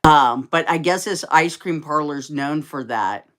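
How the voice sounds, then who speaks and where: Lady doing a chill home livestream, talks real slow, rambly and chatty. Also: fairly bright tone. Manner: chatty and rambling, with fillers and laughs; high sing-song baby talk to her dogs. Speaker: livestream host. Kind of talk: casual livestream chat. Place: at home indoors.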